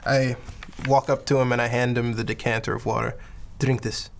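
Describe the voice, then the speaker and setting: A man at a tabletop game reads his spell rules aloud, stopping now and then on fillers. His pitch is middling. Faint noise sits behind him. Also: level tone, fairly quick, vocal fry. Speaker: player.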